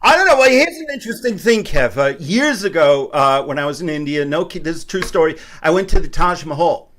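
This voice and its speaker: A man co-hosting, stammering and telling absurd stories with a deadpan edge. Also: fairly high pitch, brisk, slight background noise. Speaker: co-host. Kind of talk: comedic banter.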